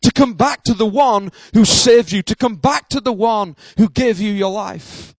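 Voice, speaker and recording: A man preaching a sermon at a church service, emphatic, with repeated amens and bursts of shouting. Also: sits high, unhurried, dry recording. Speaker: pastor.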